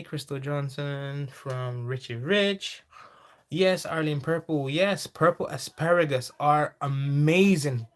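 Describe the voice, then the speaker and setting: A man hosting a farming livestream. He chats casually and reads out viewer comments, breaking into sudden high-pitched exclamations. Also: fairly bright tone. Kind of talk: casual live chat, reading viewer comments.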